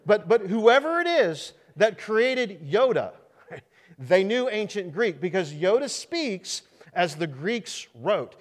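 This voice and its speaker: Man preaching a sermon, Midwestern American accent, fairly high voice, lively rising and falling pitch, ringing church hall. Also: slow pace. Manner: animated preaching with repeated restarts and rhetorical questions. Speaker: pastor. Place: church sanctuary. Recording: long reverb of a large church hall.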